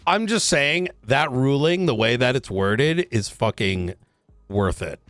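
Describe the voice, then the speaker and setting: A man talking in character during a roleplay game, hesitant and full of pauses and ums. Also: medium pitch, lively intonation, fairly bright tone, dry recording, soft background music. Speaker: roleplay player.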